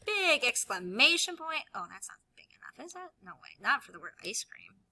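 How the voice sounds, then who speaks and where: A woman teacher walking children through a tutorial in a sing-song voice, now and then dropping to a soft whisper. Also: mid-range voice, sing-song, moderate pace, vocal fry. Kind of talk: screen-recorded classroom tutorial.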